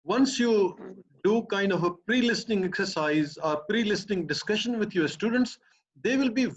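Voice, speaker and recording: A man with a Pakistani English accent, a professor explaining a point emphatically and piling up repeated phrases. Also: high voice. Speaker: professor answering a student's questions. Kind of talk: explanatory academic talk. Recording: muffled lo-fi recording.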